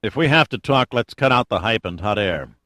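A man's voice: fairly low pitch, lively intonation, normal speed, bright, forceful tone, dry recording. A male narrator voicing a defiant, sarcastic male adventurer who talks bluntly and casually.

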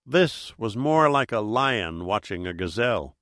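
A man reading an audiobook in steady, measured narration. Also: on the low side, no room sound, clean studio sound. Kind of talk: scripted narration.

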